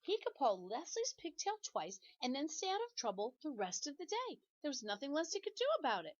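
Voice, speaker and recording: A woman teacher reading a children's chapter book aloud with expressive storytelling. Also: sits high, fairly quick, lo-fi sound.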